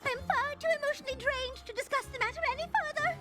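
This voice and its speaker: A woman voicing a posh, dramatic, fashionable female unicorn who speaks in a refined, theatrical way with drawn-out vowels. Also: very high voice. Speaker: cartoon character and narrator. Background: loud cartoon music.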